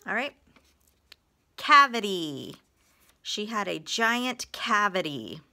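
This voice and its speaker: A woman's voice: medium pitch, sing-song, takes it slowly, bright, forceful tone. A woman teaching phonics in a recorded lesson, patient, stretching out example words and sentences.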